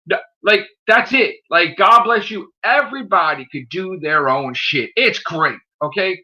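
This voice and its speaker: A man's voice: on the high side, big pitch swings, normal speed, sharp tone. A man hosting his own live stream, ranting heatedly with constant swearing and repeating "okay?" after his points. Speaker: channel host. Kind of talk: angry live-stream rant. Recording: dull lo-fi stream audio.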